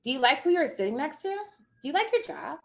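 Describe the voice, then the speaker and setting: A woman's voice: high-pitched, sing-song, brisk, fairly bright tone. A woman in her thirties hosting a live stream, giving emphatic motivational advice straight to her viewers in a casual way. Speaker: live-stream host and notary coach.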